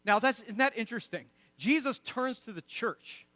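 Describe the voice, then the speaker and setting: A man's voice: extremely high pitch, animated, moderate pace, sharp tone, dry recording. A man preaching a sermon as pastor, conversational and emphatic, with many rhetorical questions. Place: church.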